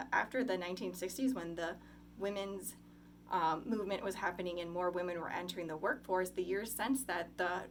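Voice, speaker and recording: A woman's voice: mid-range voice, a little hiss or hum. A young woman giving a class oral presentation, talking casually with many ums and likes. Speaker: student presenter.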